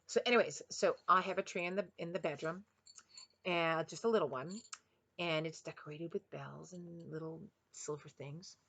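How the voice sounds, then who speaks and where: A woman's voice: deep voice, normal speed, gravelly. Chatty woman reading on a headset. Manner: chatty and rambling, with bursts of excitement. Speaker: retired kindergarten teacher reading picture books. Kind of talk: casual chat after a read-aloud.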